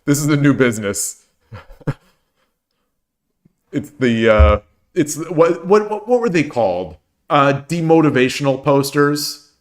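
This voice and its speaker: A man's voice: a little high, very animated, takes it slowly, pauses often. A man in his forties, tired, chatting casually with viewers on his stream, rambling with many restarts and joking at his own expense. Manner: rambling, with frequent restarts and self-deprecating jokes. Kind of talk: casual chat while streaming games.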